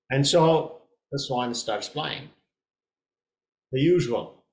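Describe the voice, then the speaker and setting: A man, a tai chi coach, telling a parable in a gentle storytelling way, with small hesitations. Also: mid-range voice, a little slow.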